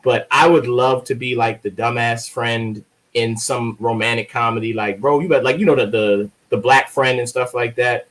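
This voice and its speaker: A man's voice: medium pitch, normal speed, hardly any pauses, poor audio. A man from Baltimore, a guest poet, chatting casually in an interview and telling joking, profane stories. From Baltimore, USA. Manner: joking, profane, lively storyteller.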